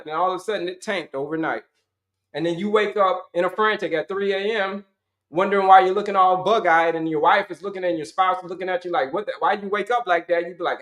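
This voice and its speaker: A middle-aged man, a health coach, teaching viewers in an animated, repetitive way, calling them folks. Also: sits high. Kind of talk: live-stream teaching talk. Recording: roomy echoey sound.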